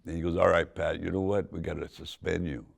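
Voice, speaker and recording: An older man from Southern California, with a deep voice, casually telling a rambling personal story full of restarts. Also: steady tone, a little fast. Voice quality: deep gravelly voice. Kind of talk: casual spoken memoir.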